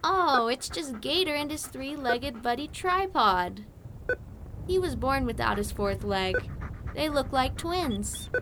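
Woman voicing a nervous little quail boy, chirpy, very high voice, storybook reading. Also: lively intonation, slow, background noise, full character voice. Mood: chatty. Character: timid young male quail, gentle vegetarian. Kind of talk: audiobook character voice.

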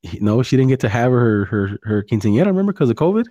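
A man's voice: mid-range voice, very animated, fast, warm tone. Man, casual profane chat. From California. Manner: swears a lot, mixes in Spanish slang. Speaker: podcast host.

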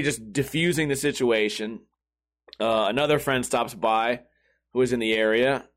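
A man's voice: mid-range voice, normal speed, fairly bright tone. A young man telling a rambling story in a casual vlog, full of swearing and fillers. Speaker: streamer.

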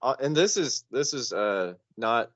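A man's voice: medium pitch, expressive, unhurried, a bit bright, no echo, muffled recording. A young man guesting on a podcast, telling dry, laid-back anecdotes in casual chat. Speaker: guest writer.

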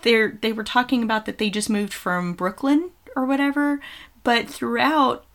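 A woman's voice: a little high, steady tone, moderate pace, fairly bright tone. A woman co-hosting a podcast, chatting casually about films with frequent ums. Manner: chatty, nitpicking, many ums. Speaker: podcast co-host. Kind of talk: casual film chat.

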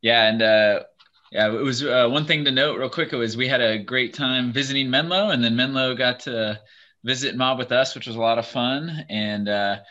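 A man's voice: mid-range voice, moderate pace, sharp tone. A man co-hosting a podcast, chatting casually with an easygoing, filler-heavy way of talking. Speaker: podcast co-host. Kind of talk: casual chat. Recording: slightly dull lo-fi audio.

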